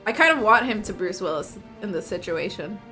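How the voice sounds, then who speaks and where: A young woman streamer commenting on a game she is playing, excitable and jokey. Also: mid-range voice, fairly quick, faint music behind. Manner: excitable, giggly, jokey reactions. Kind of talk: live gameplay commentary.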